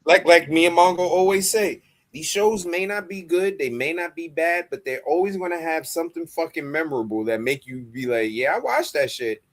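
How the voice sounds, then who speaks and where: A man's voice: fairly high pitch, brisk. A man co-hosting a wrestling podcast, recapping the show in a profane storytelling way. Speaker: podcast co-host.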